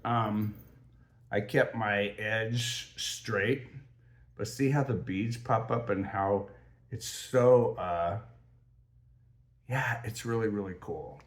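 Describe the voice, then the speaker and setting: A man's voice: fairly low pitch, slow pace, long pauses. A man hosting a casual crafting tutorial vlog from his craft table, rambling and chatty with lots of fillers. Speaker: crafting channel host.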